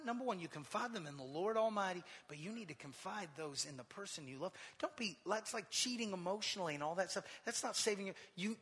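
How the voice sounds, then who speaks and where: A man preaching in a church sanctuary, his bright, forceful tone ringing through a long hall reverb. He tells a personal story in a hushed, confiding voice, then builds into fervent exhortation. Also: high voice, husky. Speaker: pastor. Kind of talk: sermon.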